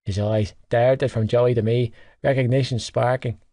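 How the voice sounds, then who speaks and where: A man reads a first-person novel in a wry, even storytelling manner. His voice sits at an ordinary middle pitch for a man, and the recording is dry and close. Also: normal speed, dry recording. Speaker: audiobook narrator.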